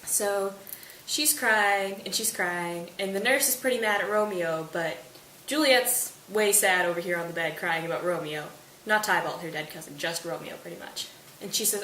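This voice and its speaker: A woman's voice: on the low side, fairly bright tone, recorded from a distance. A young woman casually summarizing a play for a study video, in a breezy, slangy way. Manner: breezy, slangy retelling with quick quoted asides. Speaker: student presenter. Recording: echoey room, off-mic, faint hiss.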